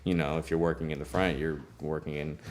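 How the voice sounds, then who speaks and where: A young man who works as a recording engineer, telling stories in a casual interview, relaxed and laughing often, with lots of "like" and "you know". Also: extremely low pitch, brisk.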